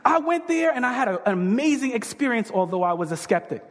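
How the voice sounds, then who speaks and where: High-voiced preacher guy, super animated, acts out everyone, big hall echo. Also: quick pace. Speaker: pastor. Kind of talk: sermon storytelling. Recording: long hall reverb.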